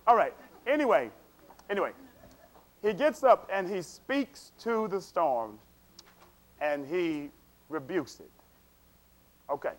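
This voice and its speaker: High-voiced male preacher, loose conversational sermon delivery. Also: animated, unhurried, pauses often. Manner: conversational, chuckling asides, repeats words, checks in with congregation.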